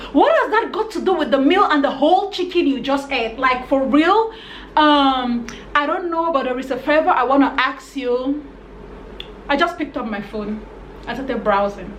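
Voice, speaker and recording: In her storytime vlog, a young woman from Cameroon retells a story casually, voicing every bit of dialogue with lively exasperation. Her pitch is high and bright, and the echoey room adds a faint hiss of noise beneath her.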